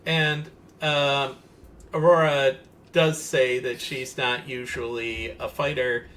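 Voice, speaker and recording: Bright-voiced nitpicky podcast man. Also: mid-range voice, flat delivery, takes it slowly. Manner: analytical, nitpicky, many uhs and ums. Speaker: podcast co-host. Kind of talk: casual comic-book discussion.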